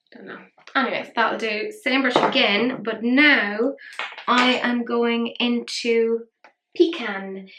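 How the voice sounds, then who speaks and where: A woman's voice: fairly high pitch, a bit bright. Chatty self-mocking woman vlogger. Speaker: makeup vlogger. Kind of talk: casual makeup tutorial chat. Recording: roomy echo.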